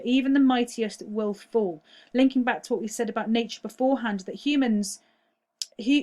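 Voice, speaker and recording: A woman's voice: a little high, a little mellow. A young woman teaching a recorded online lesson, patient and explanatory, often checking "all right?" with many ums.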